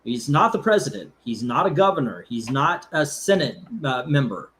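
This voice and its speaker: A man's voice: mid-range voice, sing-song, normal speed, a bit bright. A man co-hosting a casual live stream, emotional and rambling, sometimes flaring into anger. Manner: emotional, rambling, rising to angry outbursts. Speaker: co-host of a comics channel.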